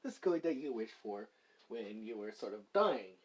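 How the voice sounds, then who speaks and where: A fan storyteller voicing a calm, all-knowing inner guide voice, explaining things in a matter-of-fact way with an everyday voice. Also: medium pitch, a little slow, husky, voice pushed down.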